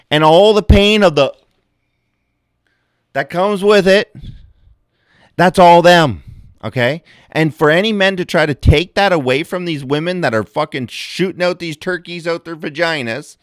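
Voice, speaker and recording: A middle-aged man chatting on a livestream, swearing freely in a blunt, ranting way. His voice sits at an ordinary pitch and is recorded dry, with no room sound. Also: dry recording. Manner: blunt, profane ranting with frequent laughter. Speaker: livestream host. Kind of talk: casual livestream chat.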